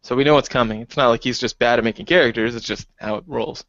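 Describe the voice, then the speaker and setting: A man's voice: mid-range voice, fast, creaky, no echo, lo-fi sound. A man co-hosting a podcast, chatting casually and retelling funny gaming stories by acting out his friends' lines. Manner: animated storytelling, acting out friends in quotes. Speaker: podcast co-host. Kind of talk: casual chat.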